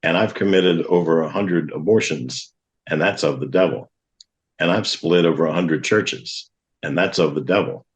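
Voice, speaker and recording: A man's voice: sits low, moderate pace. A middle-aged man, a guest on a talk show, earnestly telling a personal testimony and acting out what others said. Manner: earnest, vivid retelling with acted-out quotes.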